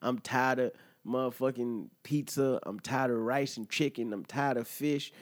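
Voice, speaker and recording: A man's voice: medium pitch, fairly even intonation, moderate pace. A man hosting a podcast, riffing casually on an article with a laid-back, profane manner, chuckling often and asking listeners if they follow him. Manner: conversational, asks listeners "you feel me?". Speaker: podcast host. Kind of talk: casual monologue reacting to an article.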